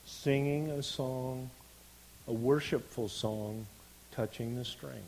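Slow, earnest man preaching a sermon. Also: medium pitch, creaky, a little mellow, a little hiss or hum, poor audio. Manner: earnest, unhurried, builds to emphatic stresses.

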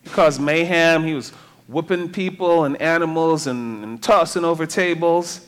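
A man's voice: a little high, moderate pace, fairly bright tone, clean tone. A man preaching a sermon in a conversational way, reading scripture and asking the congregation rhetorical questions.

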